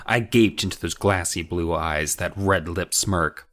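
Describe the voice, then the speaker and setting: A man's voice: sits low, a little slow, hardly any pauses, fairly bright tone. A man co-hosting a comedy podcast, reading a horror book aloud with wry asides. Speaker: podcast co-host.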